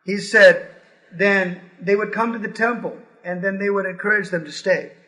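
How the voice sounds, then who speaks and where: A spiritual teacher telling animated stories in a talk, pausing for a translator and acting out the voices in them. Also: male voice, high-pitched, low-quality recording. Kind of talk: storytelling talk with live translation.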